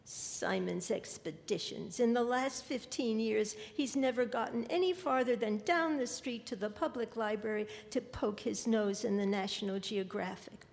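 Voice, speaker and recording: A woman reading her literary fiction aloud in a measured, deliberate way. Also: a little high. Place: lecture hall. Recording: long hall reverb.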